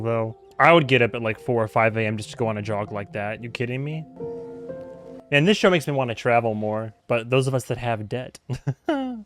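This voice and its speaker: A man in a mid-pitched voice, rambling and chatty as he reacts to a show. He keeps cutting himself off mid-phrase and wandering into asides, with faint music behind him. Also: a bit bright. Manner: rambling, self-interrupting, chatty. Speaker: reaction video host. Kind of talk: casual reaction commentary.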